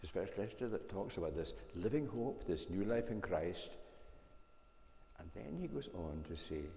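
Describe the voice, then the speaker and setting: Male preacher, low and gravelly, measured and earnest; reverberant church with faint hum. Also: lively intonation, dark tone. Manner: earnest, measured, rhetorical questions. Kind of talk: sermon.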